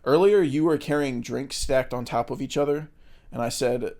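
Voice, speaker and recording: A man's voice: medium pitch, normal speed, darkish tone. A young man co-hosting a podcast, trading movie trivia with a friend, joking, laughing often and muttering asides. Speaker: podcast co-host. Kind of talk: casual banter, movie trivia game.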